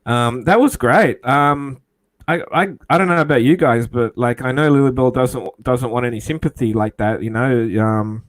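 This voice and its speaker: Man, host, casual chat, rambling, heartfelt, medium pitch. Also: normal speed. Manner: rambling, heartfelt, thinks aloud.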